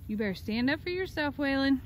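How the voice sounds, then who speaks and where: A woman's voice: high-pitched, animated, a little fast, slight background noise. A woman with a Texan accent talking casually to the camera on her farm, teasing and chatting with her animals. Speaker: farm vlogger. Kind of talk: casual vlog talk to camera. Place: outdoors on a farm.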